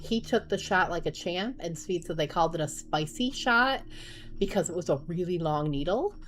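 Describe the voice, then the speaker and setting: A young woman, a mother of small kids, telling a casual storytime vlog in a chatty, animated way and laughing often. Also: fairly low pitch, moderate pace, soft background music.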